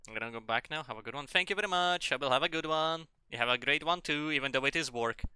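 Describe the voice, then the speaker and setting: A man's voice: fairly high pitch, fast, bright, forceful tone, smooth, no room sound, studio quality. A man streaming a game and chatting casually in a rambling, sweary, joking way. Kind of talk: casual chat while gaming.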